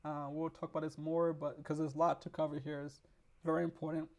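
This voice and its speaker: A man hosting a stock market video, hoarse from losing his voice, rambling with restarts as he reads news aloud and explains it. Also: a little high, flat delivery, brisk, darkish tone. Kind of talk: casual explainer with screen reading.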